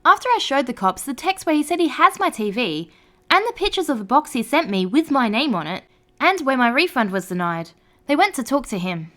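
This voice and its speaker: A woman narrating online stories aloud in a lively storytelling read. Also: high voice, fairly quick.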